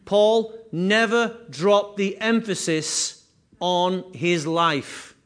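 A pastor delivering a sermon, his voice sitting high for a man. He preaches earnestly, repeating key phrases and restarting lines as he builds his point. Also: extremely slow, a bit bright.

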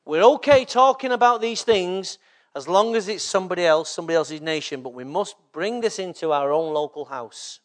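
A man's voice: sits high, animated, fairly quick. A man from England preaching a sermon as a pastor, often checking in with the congregation through short rhetorical questions.

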